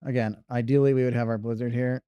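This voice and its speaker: A man's voice: medium pitch, flat delivery, quick pace, warm tone, smooth, no echo. A man giving casual commentary on his own speedrun, muttering and thinking aloud as he plays from his couch. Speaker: speedrunner streamer. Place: living room on couch.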